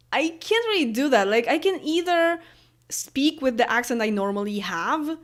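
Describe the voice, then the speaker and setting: Answering viewer comments in a relaxed chat, this late-twenties woman from Poland rambles, laughs easily and leans on lots of fillers. Her accented voice is high and lively, with a measured pace and long pauses.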